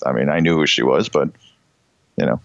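A man co-hosting a podcast, teasing his partner and telling quick stories. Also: very deep voice, gravelly, no echo, highs cut off. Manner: teasing, eager storyteller. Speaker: podcast co-host. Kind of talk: casual chat.

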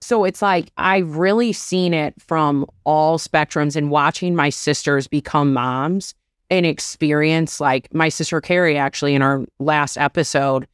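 On a podcast, a woman in her thirties shares frank, confessional thoughts on motherhood, frequently dropping "like" into the casual conversation. Her low voice is smooth and measured, captured in clean studio sound without room noise.

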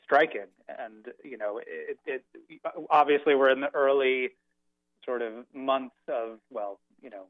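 A man's voice: medium pitch, dry recording. Man speaking over a tinny phone line. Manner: measured, hesitant with many fillers. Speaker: guest journalist. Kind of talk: radio phone interview.

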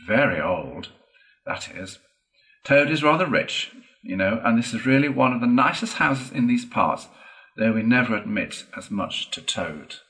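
A man's voice: on the low side, pushed and bright, exaggerated voice, low-quality recording. Man doing a cheerful, chatty water rat. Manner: brisk, confident, chatty. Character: cheerful good-natured male water rat.

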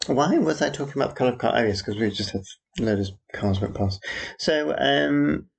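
A man's voice: medium pitch, lively intonation, fairly quick, gravelly, breathy edge. A man rambling through a personal audio diary, making dry, wry asides about passers-by. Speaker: theatre worker.

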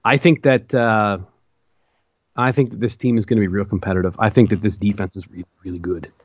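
A man's voice: fairly low pitch, fairly even intonation, fairly quick, no echo, highs cut off. A man co-hosting a casual sports podcast, arguing his points and asking pointed questions about the teams. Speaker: podcast co-host.

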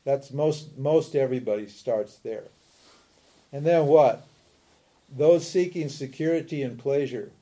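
Very dark-voiced man teaching spiritual scripture. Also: medium pitch, measured pace. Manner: asks the listeners rhetorical questions with a frequent "huh?"; chuckles often while explaining. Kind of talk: talk on scripture.

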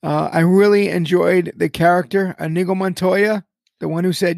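High-voiced, preacherly podcast host. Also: male voice, steady tone, moderate pace, gravelly, darkish tone, no echo, clean studio sound. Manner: emphatic, preacherly cadence. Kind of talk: podcast chat on Christian topics.

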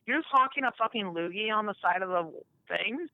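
A woman's voice: mid-range voice, fast, no echo, narrow, tinny audio. A woman co-hosting a casual chat show, blunt and emphatic, swearing freely. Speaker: podcast co-host.

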